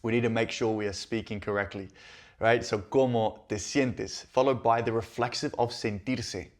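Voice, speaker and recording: A man's voice: fairly low pitch, flat delivery, normal speed. A man hosting a Spanish lesson, explaining each line and checking in with listeners often. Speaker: Spanish teacher and channel host. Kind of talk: language lesson.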